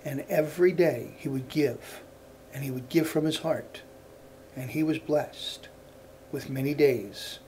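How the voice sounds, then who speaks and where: A male storyteller telling a folk tale in an unhurried cadence that repeats phrases for effect. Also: mid-range voice, darkish tone, a little hiss or hum.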